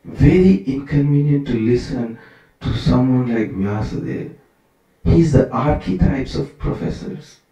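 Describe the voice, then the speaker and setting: A man teaching a scripture class in a loose, conversational way, tossing out rhetorical questions. His voice is mid-pitched and picked up from far off. The temple hall gives it a heavy, ringing echo. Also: animated, measured pace, dark tone, lo-fi sound. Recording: very echoey room, from far off.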